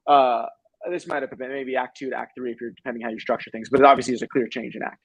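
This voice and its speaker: A young adult man co-hosting a casual movie review chat, animated and swearing casually as he retells scenes. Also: medium pitch, quick pace, breathy edge, no room sound, poor audio. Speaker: film review podcast co-host.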